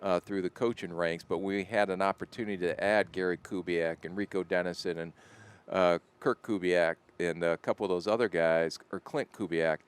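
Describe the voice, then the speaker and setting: Deep, smooth-voiced man with an Ohio accent. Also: fairly even intonation, moderate pace. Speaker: NFL general manager guest. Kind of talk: radio interview.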